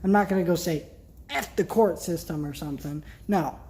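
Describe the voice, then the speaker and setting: A vlogger in a casual rant to camera, upset and worked up, talking bluntly with some swearing and sighing pauses. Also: mid-range voice, darkish tone.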